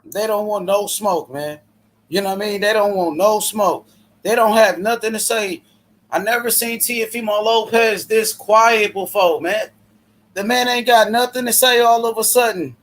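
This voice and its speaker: Male host, strikingly high voice, brash trash-talking streamer. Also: normal speed. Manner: loud, profane trash talk. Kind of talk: casual boxing talk stream.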